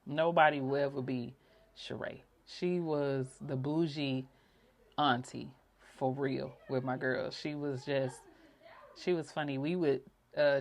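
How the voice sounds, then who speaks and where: A woman hosting a podcast, telling heartfelt personal stories with bursts of laughter. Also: sits low. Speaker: podcast host. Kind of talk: personal reflective monologue.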